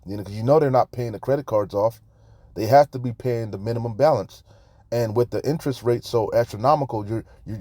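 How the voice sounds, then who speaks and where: A man's voice: fairly low pitch, dark tone, no room sound, clean studio sound. A man preaching in a fiery, profane rant, reading scripture aloud between angry comments on debt. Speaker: street preacher commenting on news.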